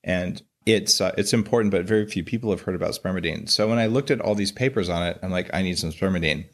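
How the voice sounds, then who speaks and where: Podcast host: middle-aged man, very low gravelly voice, casual and jokey, stumbles and restarts often. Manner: joking, laughs easily, halting restarts. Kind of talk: casual interview chat.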